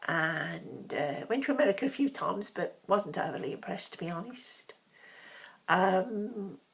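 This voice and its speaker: Chatty middle-aged Brummie woman, gravelly. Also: mid-range voice. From Birmingham, England. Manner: chatty, frank, with frequent ums and asides. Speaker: vlogger. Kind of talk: casual rambling monologue.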